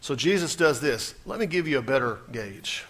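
A male pastor preaching a sermon, swinging between loud emphasis and hushed, intense moments. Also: medium pitch, lively intonation, normal speed.

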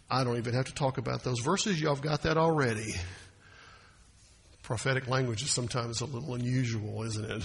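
A man's voice: medium pitch, fairly even intonation, a little fast, vocal fry, slightly rough, big-room sound. A man preaching a sermon as pastor, folksy and often asking the congregation questions.

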